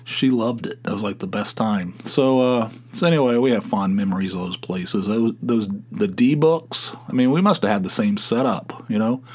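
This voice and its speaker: Middle-aged Appalachian man hosting his own show; loose, halting talk full of restarts. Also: mid-range voice. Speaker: podcast host. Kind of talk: casual solo podcast monologue.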